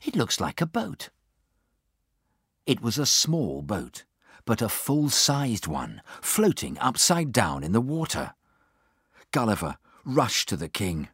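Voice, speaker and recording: A man reading a children's storybook aloud with lively expression, acting out the characters. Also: fairly low pitch, takes it slowly, slightly rough, no echo, clean studio sound. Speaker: narrator.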